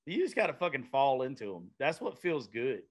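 A man's voice: mid-range voice, very animated, a little fast. A man with a Southern US accent hosting a podcast in a studio, talking bluntly and casually and swearing freely. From Southern United States. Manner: profane, blunt, rambling. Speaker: podcast host. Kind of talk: casual chat. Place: vintage-themed studio.

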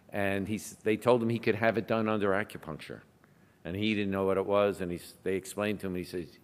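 Man from the US, low voice, physician lecturing, anecdotal and chatty, long hall reverb. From United States. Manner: anecdotal, conversational, with asides. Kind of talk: conference talk.

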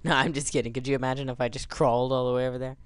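A man's voice: medium pitch, flat delivery, very fast, clear, resonant tone, no room sound. A man doing goofy gameplay commentary, yelping and joking whenever his character crashes. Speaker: let's play gamer.

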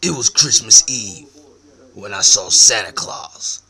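A man tells absurd comic stories in a low, bright, forceful voice. His delivery is slow and deadpan, yet his pitch swings widely, and he swears freely. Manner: deadpan, profane, slang-heavy. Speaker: comedian. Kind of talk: absurd comedic storytelling.

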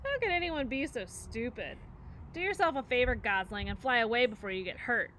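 A woman's voice: a little high, big pitch swings, normal speed, a bit bright, a little hiss or hum. Lady doing a bossy snarky girl bear from a storybook, mean and mocking. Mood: sneering. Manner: sarcastic, menacing. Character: bossy sarcastic young female bear.

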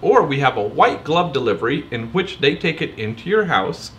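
Lively, teasing male co-host. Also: on the high side, moderate pace, slight background noise. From Texas. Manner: upbeat, teasing, lively intonation. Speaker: co-host of a store's question show. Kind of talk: casual chat.

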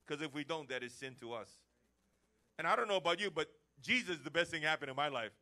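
A man preaches with a bright, forceful ring, his voice sitting a touch high for a man. He keeps the sermon energetic, slipping into everyday chats to make his points. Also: fast talker. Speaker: pastor. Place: church service.

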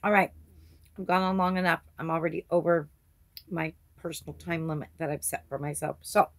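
A woman's voice: low-pitched, level tone, brisk, no echo. A woman hosting her crafting channel, chatting casually through an unboxing and gushing over each item with little gasps.

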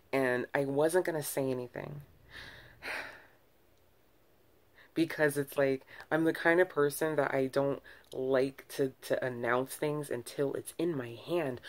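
A woman vlogger talking to camera in a loose, candid ramble, full of restarts and self-corrections, with sighs between thoughts. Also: rumbling low. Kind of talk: casual early-morning ramble to camera.

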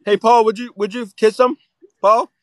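A man's voice: sits high, steady tone, moderate pace, no echo. A man hosting a crude improvised comedy skit, teasing and goofy. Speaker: host of a plush-toy channel.

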